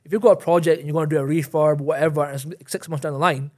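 A man's voice: fairly high pitch, fairly even intonation, very fast, darkish tone. A man, a guest in an interview, explaining at length with many fillers. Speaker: guest, property investor. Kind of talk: casual interview chat.

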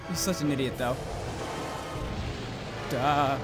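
A man giving profane, excitable commentary while playing a video game, yelling at the monsters. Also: mid-range voice, takes it slowly. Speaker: let's play gamer. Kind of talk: gameplay commentary. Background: game music.

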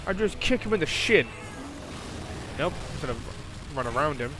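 A man's voice: a little high, animated, a little slow, fairly bright tone, soft background music. A man doing gameplay commentary, frustrated and exclaiming at the game. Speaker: gaming commentator.

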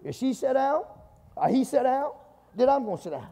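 A man's voice: extremely high pitch, sing-song, normal speed, gravelly, dark tone, big-room sound. A man with a Southern US accent preaching a sermon as pastor in a church, repeating "my God" and calling on the congregation. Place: church sanctuary.

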